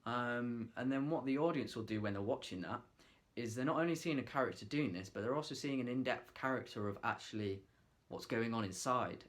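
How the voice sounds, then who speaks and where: A man talking casually to camera, giving acting tips in a loose, chatty way with lots of fillers, trying out lines in different ways. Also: mid-range voice. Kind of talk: casual vlog tutorial.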